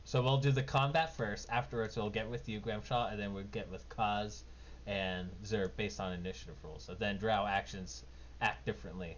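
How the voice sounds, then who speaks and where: Low-voiced casual game master. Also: male voice. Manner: casual, rambling, with many fillers. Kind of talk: narrating a tabletop game. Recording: dull lo-fi mic with faint noise.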